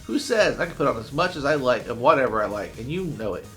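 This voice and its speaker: A man's voice: big pitch swings, fast talker, fairly bright tone, faint music behind. A man reading a storybook aloud and voicing a cocky boy who eats worms on a bet, taunting and boastful. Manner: taunting, boastful, shrill when angry.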